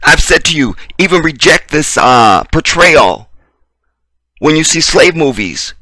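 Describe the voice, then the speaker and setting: A blunt American man delivers a heated, preachy monologue full of profanity, repeating short phrases for emphasis. His voice is bright and pointed. It is recorded close on a dry mic with no room sound. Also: on the high side, sing-song, measured pace, dry recording. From United States. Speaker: video commentator. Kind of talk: impassioned commentary rant.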